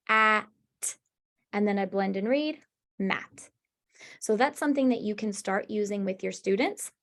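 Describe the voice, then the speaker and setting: A woman's voice: fairly high pitch, creaky. A woman presenting a webinar on reading instruction, explaining strategies step by step in a conversational, instructive way. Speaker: former classroom teacher and coach.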